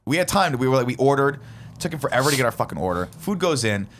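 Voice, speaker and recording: A man telling a story in a quick, emphatic, blunt way, in a mid-pitched voice. He is a podcast co-host chatting casually. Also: big pitch swings, a bit bright, a little hiss or hum. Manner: fast, emphatic, profane storytelling.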